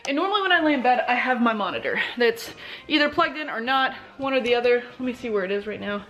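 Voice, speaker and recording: A woman's voice: on the high side, lively intonation, quick pace, fairly bright tone. A young woman chatting casually in a rambling vlog from her bedroom, talking as a mom with lots of fillers. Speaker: mom vlogger. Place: bedroom, lying in bed.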